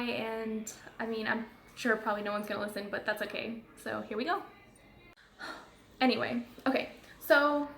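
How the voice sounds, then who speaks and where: A woman with a somewhat high voice rants casually about her phone job. She rambles in a chatty way, full of fillers and side remarks. The sound has an echoey room with faint hiss behind it. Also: fairly bright tone. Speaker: phone customer service agent. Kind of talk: casual rant vlog.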